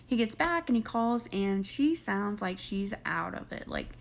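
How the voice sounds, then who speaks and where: A young woman giving a casual recap of reality TV, talking like she is sharing gossip. She is opinionated and chatty, full of side comments. Her voice has a lot of vocal fry. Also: mid-range voice, very animated, unhurried.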